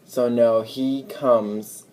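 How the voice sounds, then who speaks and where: A man's voice: mid-range voice, fairly even intonation, very slow, darkish tone. A young man casually telling a story to the camera as a vlogger, rambling and chatty, filling his talk with "like" and acted-out bits of dialogue. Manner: rambling, chatty retelling full of "like" and quoted dialogue.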